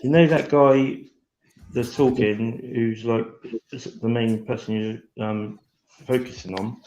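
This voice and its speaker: A man chatting casually, telling stories in a rambling, animated way with lots of restarts. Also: medium pitch, a little slow. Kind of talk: casual chat. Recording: dull lo-fi echoey room.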